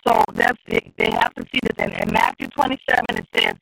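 Gravelly deep-voiced man preaching scripture. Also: huge pitch swings, pushed and bright, faint music behind, poor audio. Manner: slow, deliberate reading with repeated phrases. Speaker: Bible teacher. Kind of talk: scripture reading and sermon.

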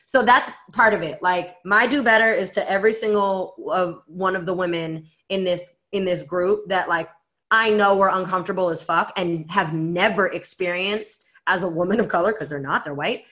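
A woman co-hosting a podcast tells a personal story in relaxed chat. Her voice is bright and sharp, and her delivery is animated, with lots of "like" and "you know" fillers. She slips into quoted voices as she retells what other people said. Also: on the low side, moderate pace. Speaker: podcast co-host. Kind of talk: casual chat.

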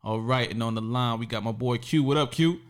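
A man's voice: mid-range voice, fairly quick. A man hosting a casual sports podcast, laid-back and bantering. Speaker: podcast host.

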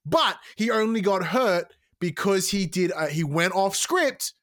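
A fairly high-voiced man hosting a casual podcast. He talks in an excitable, animated rush, swears freely and keeps restarting his sentences. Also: a little slow. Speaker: podcast host.

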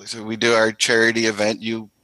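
A man's voice: fairly low pitch, brisk, no room sound, poor audio. A man, a guest artist on a podcast, chatting casually and acting out quotes as he tells stories. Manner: animated storyteller, acts out quotes.

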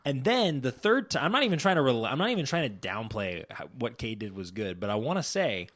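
A man's voice: medium pitch, a little fast. A young man co-hosting a podcast, telling stories and trash talking in casual banter. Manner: animated storytelling, trash talk. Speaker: podcast co-host.

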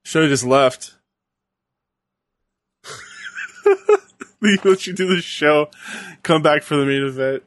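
A man's voice: fairly high pitch, slow, pauses often, a bit bright. A man co-hosting a casual chat while watching wrestling, easygoing and teasing. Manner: easygoing, teasing, laughs often. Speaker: podcast co-host.

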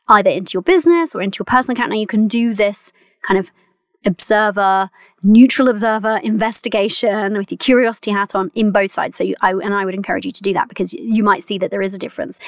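A young adult woman hosting a solo coaching podcast, chatty and encouraging, often laughing and addressing listeners warmly. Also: mid-range voice, no room sound, clean studio sound. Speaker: money mindset coach and podcast host.

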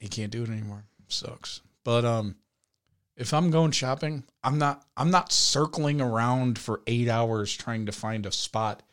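A man co-hosting a podcast, telling everyday stories in relaxed casual chat, often dropping soft and low. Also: unhurried, clean tone. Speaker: podcast co-host.

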